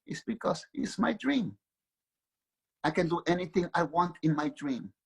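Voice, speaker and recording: A man's voice: fairly high pitch, lively intonation, unhurried, gravelly, breathy edge, heavily acted. A man voicing his father as a devoted shaman who firmly refuses to leave his mother behind. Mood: calm.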